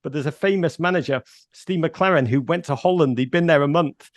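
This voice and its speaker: A middle-aged man from the north of England appears as a radio guest, chatting casually and telling stories with playful self-mockery in his Northern accent. His voice is on the high side and fairly quick, captured in a dry, studio-quality recording.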